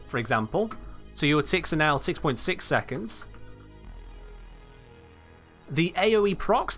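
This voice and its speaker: A man's voice: high voice, fairly bright tone. A young man explaining game mechanics on a live stream, emphatic and blunt when he answers chat.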